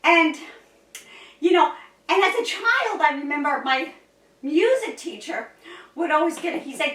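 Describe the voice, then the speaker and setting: Woman cooking vlog host, high voice, chatty and cheerful, roomy kitchen, mic set back. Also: animated, measured pace, pauses often, fairly bright tone, far from the mic. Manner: chatty and cheerful, laughs often. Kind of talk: casual cooking demonstration. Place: home kitchen.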